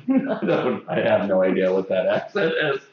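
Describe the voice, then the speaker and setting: A man's voice: lowish voice, big pitch swings, moderate pace. A man hosting a live haircutting stream, chatting and joking with many fillers as he works. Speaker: hairstylist host of a live haircutting show. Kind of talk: casual chat during a live stream. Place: hair salon classroom. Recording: very echoey room, dull sound.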